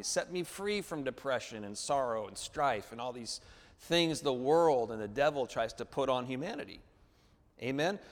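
A male pastor preaching a sermon, drawing the congregation in with "amen?" and call-and-response prompts. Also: mid-range voice. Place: church building. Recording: long reverb of a church hall.

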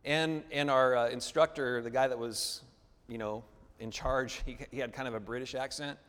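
A man's voice: mid-range voice, steady tone, moderate pace, fairly bright tone, clear, resonant tone. A man preaching a sermon as the pastor, calling for amens and asking the congregation to repeat after him. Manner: call-and-response preaching, asks for amens. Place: church sanctuary. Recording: long reverb of a large church hall.

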